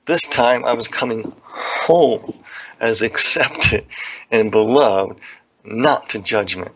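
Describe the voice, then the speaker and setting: An earnest man recounts his personal testimony in a plain, storytelling way, circling back and repeating phrases for weight. His voice sits at an ordinary middle pitch. The recording is dull and lo-fi. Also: slow pace, fairly bright tone, breathy edge. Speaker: speaker giving a testimony.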